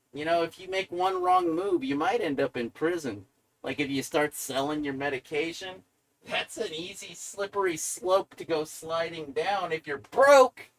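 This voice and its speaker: Guy ranting into his vlog, sardonic, cusses, kinda high pitched. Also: poor audio. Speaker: vlogger. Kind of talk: rambling monologue to camera.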